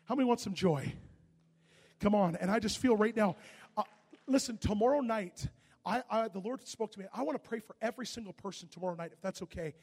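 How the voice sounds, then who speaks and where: High, husky-voiced male preacher in a reverberant hall. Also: brisk. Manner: animated storytelling, shouting at peaks. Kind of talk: sermon. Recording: echoey hall with long reverb.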